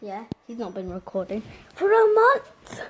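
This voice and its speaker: A woman gives a casual home tour on her phone camera, moving from room to room, chatting, joking and giggling as she shows each space. Her voice is on the high side, fairly bright and slightly rough, very animated yet a little slow.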